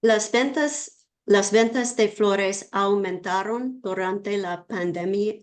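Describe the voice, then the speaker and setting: A woman's voice: mid-range voice, slow pace. A woman student reading a Spanish passage aloud and sounding out hard words.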